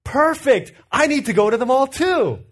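A man voicing an excited, bargain-hunting mother who gushes loudly. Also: very high-pitched, normal speed, pitched above the performer's own voice. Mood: gushing. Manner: gushing, enthusiastic, loud.

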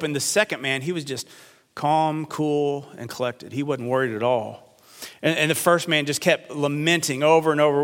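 A pastor delivering a sermon, earnest, slowing down to stretch key phrases. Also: male voice, a little high, steady tone, fairly bright tone. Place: church sanctuary. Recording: long hall reverb.

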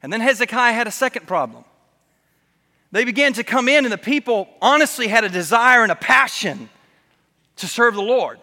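A man preaching a sermon in a church, in an animated way, acting out voices when he quotes people. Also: extremely high pitch, moderate pace, big-room sound. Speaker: pastor. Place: church sanctuary.

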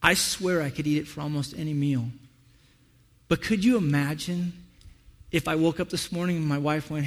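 A man preaching a sermon as pastor, telling stories in an animated way and acting out what people say. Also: a little high, brisk, in a large hall. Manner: animated storytelling, acts out voices.

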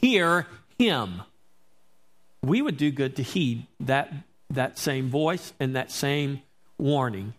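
A man's voice: mid-range voice, slow pace. A man preaching a sermon as pastor, reading scripture and explaining it emphatically, with rhetorical questions to his congregation.

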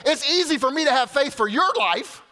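A man preaching a sermon as pastor, in an animated, conversational way with asides to the congregation. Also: very high voice, brisk, in a large hall.

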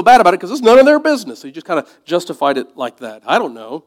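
A man preaching a sermon in a conversational, reflective way, dropping to soft asides. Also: fairly high pitch, sing-song, quick pace, few pauses. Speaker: pastor.

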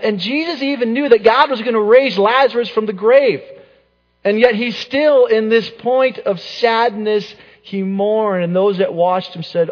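A man gives a sermon in a high voice, earnest and searching, often repeating himself and dropping his phrases to a hush. The sound is dull and lo-fi, with a long reverb trailing after each line. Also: normal speed. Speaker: pastor.

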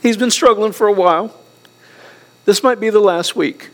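A middle-aged pastor delivers a sermon in a high voice at normal speed. He is earnest and emotional, close to tears, swinging between soft passages and raised ones.

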